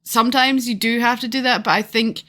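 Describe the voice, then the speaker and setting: A woman's voice: fairly high pitch, fairly even intonation, brisk, a bit bright. A woman co-hosting a podcast, chatting casually with many fillers and frequent laughter. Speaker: podcast co-host. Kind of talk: casual conversation.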